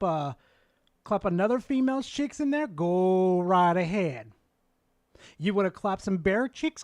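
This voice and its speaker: A man's voice: sits high, no room sound. A man streaming, ranting back at a video with sarcastic, profane mockery. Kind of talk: casual live-stream rant.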